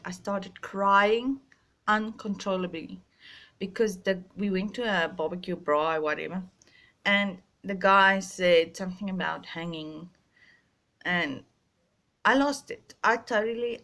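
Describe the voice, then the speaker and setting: Young woman, slow and halting, a bit stuffy-nosed, confessional vlog storytelling. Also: mid-range voice, bright, forceful tone. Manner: halting, emotional, many restarts and pauses. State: stuffy, sinus. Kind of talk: personal storytelling to camera.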